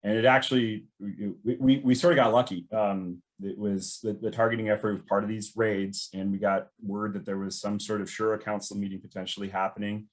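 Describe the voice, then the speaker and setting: A man's voice: lowish voice, fairly quick, hardly any pauses. A middle-aged man, a former intelligence analyst, telling a story in conversation, laughing often and acting out the voices of others. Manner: animated, laughs often, acts out quoted voices.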